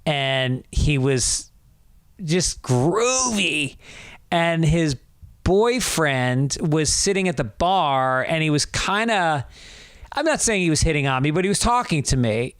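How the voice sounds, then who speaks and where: A man in his thirties hosts his own podcast and spins a long, profane anecdote. His voice sits a touch high and sounds smooth and clear. He takes his time, and the sound is close and dry. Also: no room sound. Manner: rambling, profane, animated anecdote telling. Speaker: podcast host. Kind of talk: casual storytelling monologue.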